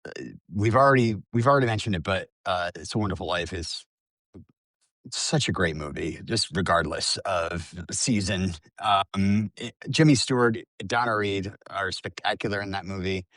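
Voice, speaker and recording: A man's voice: deep voice, normal speed, fairly bright tone, no room sound. A man in his fifties chatting casually as a podcast co-host, wry and self-mocking, laughing often. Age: 50s. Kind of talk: casual chat.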